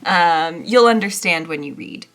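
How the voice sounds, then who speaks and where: Chatty young woman with a bright voice. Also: on the low side, animated, measured pace. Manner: chatty, rambling, with frequent ums. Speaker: book reviewer. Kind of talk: casual chat.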